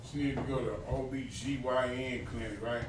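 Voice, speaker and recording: A man's voice: mid-range voice, fairly even intonation, normal speed, distant mic, slight background noise. A man telling a personal story in conversation, plain-spoken and incredulous. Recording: echoey room, heard from off-mic.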